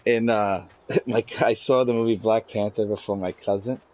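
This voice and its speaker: A man's voice: fairly low pitch, steady tone, normal speed, dull audio. A man streaming a game and chatting casually, telling rambling, profanity-laden stories. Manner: swears a lot, rambling storyteller. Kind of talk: casual chat while gaming.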